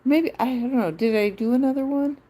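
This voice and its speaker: A woman's voice: high voice, fairly quick, warm tone. A woman live streamer chatting in a rambling, musing way, drifting into wordplay.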